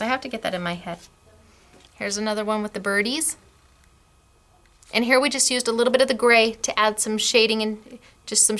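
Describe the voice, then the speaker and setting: Bright-voiced middle-aged craft lady, gushy and chatty, laughs a lot. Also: medium pitch. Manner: chatty, gushing, laughs often. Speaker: craft class host. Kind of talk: casual product demo.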